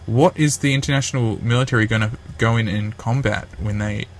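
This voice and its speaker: A man in casual chat among friends, pitching ideas insistently and swearing freely. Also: fairly quick, a little hiss or hum. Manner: animated, swearing, acts out drunk friends in quotes.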